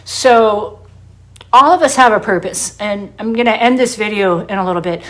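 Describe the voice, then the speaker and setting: A woman's voice: medium pitch, normal speed, a bit bright. A middle-aged woman who works as a hairdresser, giving a blunt, heavily profane monologue and stressing points by repeating them. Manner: blunt and heavily profane, quoting herself in dialogue; emphatic, repeats herself for stress. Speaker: hairdresser and wellness advocate. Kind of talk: impassioned personal monologue to camera.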